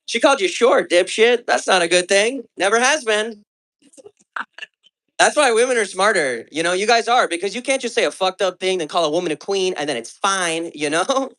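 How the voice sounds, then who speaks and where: A man's voice: sits high, normal speed, bright, forceful tone. A man on a comedy club stage performing a stand-up set, telling stories in a profane, exasperated way.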